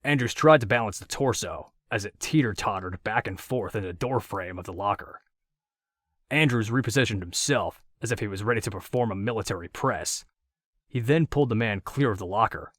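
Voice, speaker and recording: A man reading an audiobook story in a steady, measured narration. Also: fairly low pitch, no room sound, studio quality.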